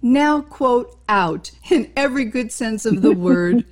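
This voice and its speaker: A woman's voice: a little high, expressive, slow pace. A woman hosting an interview, welcoming her guest in flowery, formal phrasing. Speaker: interview host.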